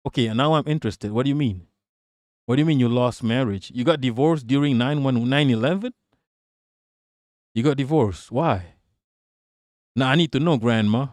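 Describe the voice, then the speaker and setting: A man's voice: mid-range voice, normal speed, long pauses, darkish tone, no room sound, studio quality. A man hosting a live political stream, reading chat and ranting with a lot of swearing. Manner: profane, ranting, talks back to chat.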